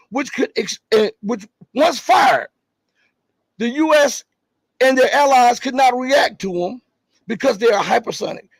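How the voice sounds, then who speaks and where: A man with a high, husky voice hosts a live stream from his home setup. He reads viewer chat and comments on it with emphatic, rising stresses, and turns low and offhand between points. The sound is dry and close. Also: no echo. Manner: emphatic, rises in pitch to stress points, then drops low and casual reading chat. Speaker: livestream host.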